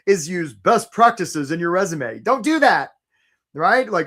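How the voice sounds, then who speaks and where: A man hosting a live career webinar, coaching casually with jokes and giving shout-outs to viewers by name. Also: high voice, moderate pace. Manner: energetic and joking, breaks into short mocking impressions of job seekers.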